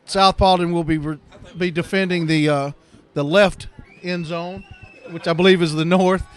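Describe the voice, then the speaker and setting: A man doing color commentary at a high school football game, wry and teasing, often stopping to restart. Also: steady tone, moderate pace.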